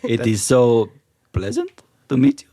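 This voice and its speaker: A man voicing an excitable male skeleton with a put-on French accent, effusive and full of gasps. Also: medium pitch, measured pace, creaky, full character voice. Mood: earnest. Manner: effusive, gasping. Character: excitable male skeleton brother, gushing host.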